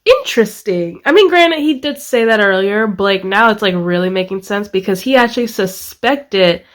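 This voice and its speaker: A woman book vlogger talking casually to the camera, gushing and excitable, rambling with many fillers and restarts. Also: medium pitch, moderate pace. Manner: gushing, excitable, lots of exclamations. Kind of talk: casual reading vlog.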